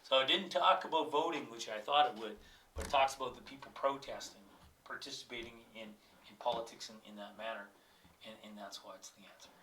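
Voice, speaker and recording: A man's voice: medium pitch, a little fast, sharp tone, roomy sound, recorded from a distance, a little hiss or hum. A man with a cold, a teacher thinking aloud as he works through exam questions and reads passages aloud. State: has a cold.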